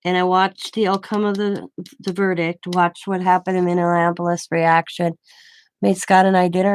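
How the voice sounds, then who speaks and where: A woman's voice: lowish voice, gravelly, no room sound. An older woman, a grandmother, telling a rambling story in casual chat, with many restarts. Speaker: craft vlogger.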